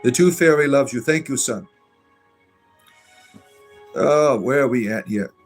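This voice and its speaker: A man's voice: mid-range voice, measured pace, soft background music. A man with a Southern US accent hosting a livestream, reading chat comments aloud in a rambling, hesitant way full of uh's and restarts, sarcastic and defiant in his answers.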